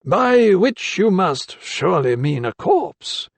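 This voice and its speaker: A man voicing an elderly anatomist in an audiobook, gruff and blustering, with a raised, slow, drawn-out delivery. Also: high voice, very animated, no echo, voice pushed up, full character voice.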